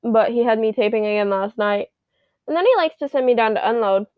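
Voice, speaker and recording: A high-voiced young woman talks in a loose, rambling way, her voice a little hoarse. The sound is thin and phone-like, with no room echo at all. It feels like a casual video update recorded at home. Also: lively intonation, fairly quick. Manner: rambly, chatty. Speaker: vlogger. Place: bedroom at home. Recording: tinny, phone-like, dry sound.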